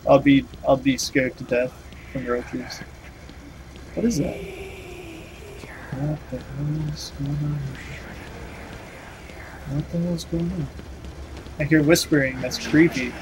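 A man's voice: on the high side, noisy background. A man recording let's play commentary, jumpy and swearing as he reacts aloud to what happens on screen. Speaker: gamer playing a horror-tinged action game. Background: game music.

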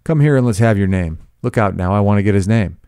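A man doing a loud, curt police officer. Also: on the low side, animated, quick pace, clear, resonant tone, dry recording, clean studio sound. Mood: brusque. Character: blunt, demanding male police officer.

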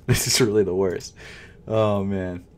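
A man's voice: fairly low pitch, fairly even intonation, a little slow. Frustrated young man muttering at his screen. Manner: frustrated muttering, swings between loud outbursts and unvoiced whispers. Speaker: sneaker vlogger. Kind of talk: casual live commentary.

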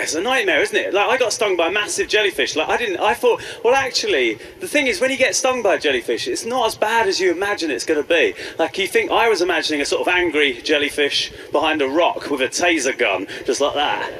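A man's voice: on the high side, a bit bright. A man doing a stand-up comedy set, whimsical and rambling, chatting playfully with the crowd on a handheld mic. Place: comedy club stage before a live audience. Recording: live club with audience noise.

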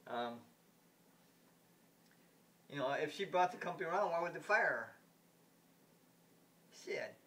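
A man's voice: a little high, expressive, measured pace, long pauses, a bit bright, far from the mic. A man rambling in a casual monologue, blunt and indignant, repeating himself with many restarts and the odd swear word. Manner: rambling, repetitive, lots of restarts and stumbles. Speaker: vlogger giving political opinions.

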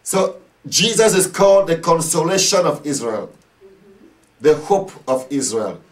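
A man's voice: a little high, very animated, measured pace, recorded from a distance. A man preaching a sermon, leading the congregation in call-and-response prayer with emphatic, repetitive declarations.

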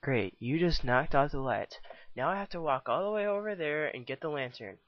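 A man's voice: fairly high pitch, expressive, moderate pace, no echo, lo-fi sound, close to an everyday voice. A man voicing a short-tempered cowboy ranger in a homemade stop-motion film, talking in an impatient, exasperated way. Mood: fed up.

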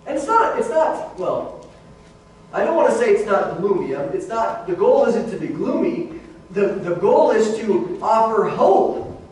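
A man's voice: sits high, sing-song, measured pace, a little mellow, a little hiss or hum. A man preaching a sermon as pastor, in a conversational way that keeps calling the listeners "guys". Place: large church sanctuary. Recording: very echoey hall, voice from far off.

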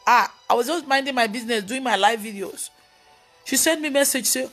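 Faint music plays behind a woman pastor on a live video as she preaches in a brisk, somewhat high voice. She tells animated stories, imitates other people, and scolds with emphatic outbursts.

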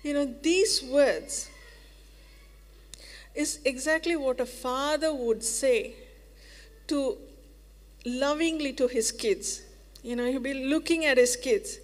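A woman with an Indian English accent delivers a sermon in a high voice, earnest and deliberate. She repeats key phrases and slows right down on quoted words. Her voice rings with the long reverb of a church hall. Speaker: preacher. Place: church sanctuary.

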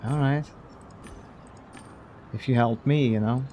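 A man gives casual let's-play commentary at an ordinary mid pitch. He stays loose and wry, teasing the game's characters and cursing offhandedly now and then. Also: slow pace, dark tone, a little hiss or hum. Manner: wry, blunt, swears casually, chuckles at the game. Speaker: game streamer.

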